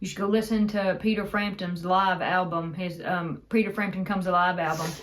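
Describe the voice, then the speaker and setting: A young woman with an Appalachian mountain accent chats animatedly as a co-host. She jokes easily and talks with a playful, lively energy. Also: on the low side, moderate pace. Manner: animated, jokes and does voices. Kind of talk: casual chat.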